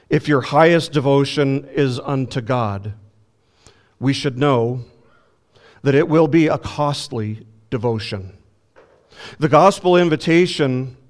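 Male pastor, sermon delivery, slightly higher voice, emphatic, stretches key words for stress. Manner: asks the congregation rhetorical questions. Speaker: pastor teaching a Bible lesson. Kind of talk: expository sermon.

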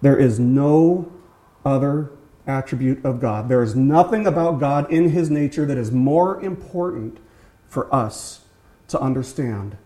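Guy preaching a sermon, mellow dark voice, chatty with lots of uhs and restarts, slows way down on the big points. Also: mid-range voice, low-quality recording. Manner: conversational preaching with fillers and restarts; emphatic repetition, slowing on key words. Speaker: pastor.

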